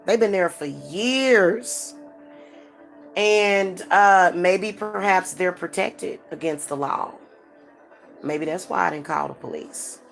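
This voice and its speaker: A woman's voice: lowish voice, takes it slowly, gravelly, faint music behind. A middle-aged woman, talking frankly and casually to her viewers, with many restarts and fillers. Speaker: spiritual advisor and channel host.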